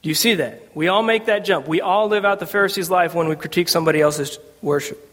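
A man's voice: sits high, quick pace, fairly bright tone. A man preaching a sermon to a congregation, conversational and humorous. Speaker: pastor. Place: church sanctuary. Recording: long reverb of a church hall.

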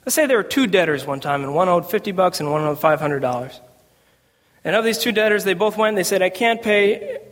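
A man's voice: high-pitched, lively intonation, fast. A man preaching a sermon to a congregation, conversational and humorous. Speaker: pastor. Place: church sanctuary. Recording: long reverb of a church hall.

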